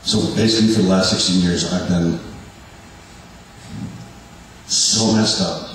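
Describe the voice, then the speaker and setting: A man in his forties giving a halting, self-deprecating personal testimony to a church congregation. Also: sits low, fairly even intonation, a bit bright. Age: 40s. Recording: echoey hall from far off, faint hum.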